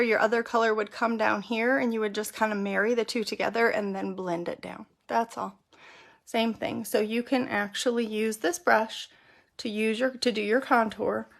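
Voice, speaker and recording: Middle-aged woman, makeup tutorial host, casual step-by-step chat, gravelly edge. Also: medium pitch, fairly bright tone. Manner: chatty, explains step by step while applying makeup. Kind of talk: casual how-to demonstration.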